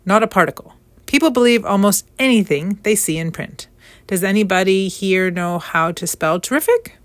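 A woman voicing a wise, composed female barn spider in a storybook reading, speaking crisply and with command. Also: mid-range voice, expressive, normal speed, no room sound, lightly acted. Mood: brisk, matter-of-fact. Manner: crisp and commanding, precise wording.

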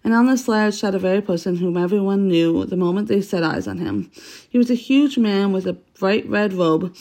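A woman's voice: medium pitch, moderate pace, dark tone. A woman reading a children's story aloud, unpolished, with stumbles and self-corrections.

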